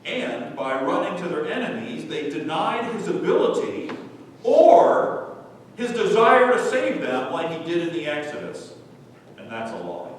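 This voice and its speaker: A man preaching with a lively, swooping delivery and a fairly high voice, hammering home rhetorical questions. He sounds far from the mic in a big echoing church hall, with a long reverb tail and a faint low rumble underneath. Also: normal speed. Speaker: pastor. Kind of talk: sermon. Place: church sanctuary.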